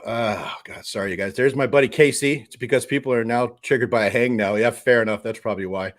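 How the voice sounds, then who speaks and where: A man hosting a live fan stream, reading out chat comments and reacting with excited outbursts. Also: mid-range voice, fast talker. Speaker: host of a live fan show.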